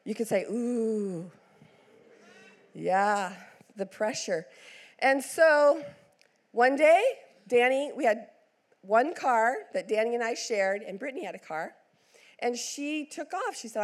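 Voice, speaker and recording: Animated woman pastor telling a story. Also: fairly high pitch, normal speed. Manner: animated, acts out quotes with big swings in voice. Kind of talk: sermon storytelling.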